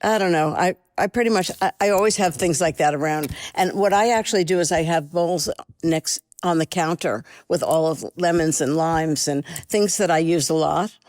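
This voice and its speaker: A woman's voice: on the low side, normal speed, darkish tone, no echo. An older woman guest chatting casually and unhurriedly, laughing often. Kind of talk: casual chat.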